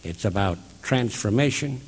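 A man telling a story in an animated way, slipping into the voices of the people in it. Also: fairly low pitch, normal speed, husky, in a large hall. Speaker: speaker retelling a story. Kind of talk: spoken storytelling talk.

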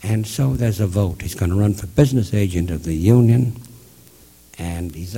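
Husky low-voiced male storyteller. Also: normal speed, in a large hall. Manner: animated retelling, slipping into the voices of the people in the story. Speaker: speaker retelling a story. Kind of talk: spoken storytelling talk.

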